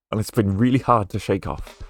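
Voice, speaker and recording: Posh british guy streaming a racing game, lowish voice, rambles w lots of ums, faint game music behind. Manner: rambling, chatty, with frequent fillers and laughs. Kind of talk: casual gameplay stream chat.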